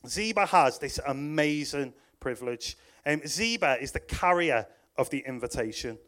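A man's voice: on the high side, normal speed. A young man preaching a sermon, reading scripture and telling the story with jokey asides and acted-out voices. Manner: lively, acts out quoted voices with jokey asides.

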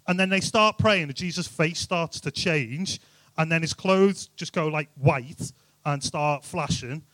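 Youth speaker: man, slightly high voice, dry close sound, casual joking delivery. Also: a little slow, fairly bright tone, no echo. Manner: chatty, jokey, rhetorical questions. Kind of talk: informal youth sermon.

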